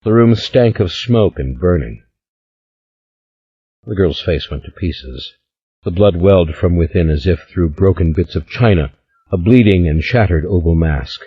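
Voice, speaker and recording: Deep husky male audiobook narrator. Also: lively intonation, dull audio. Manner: measured, dramatic. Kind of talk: scripted narration.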